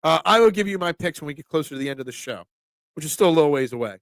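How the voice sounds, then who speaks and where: Philly-accented man, gravelly voice. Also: fairly high pitch, lively intonation, rapid-fire, fairly bright tone, dry recording. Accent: Philadelphia. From Philadelphia. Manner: chatty, joking with chat, frequent ums. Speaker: sports talk show host. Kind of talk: casual live-stream sports talk, reading chat.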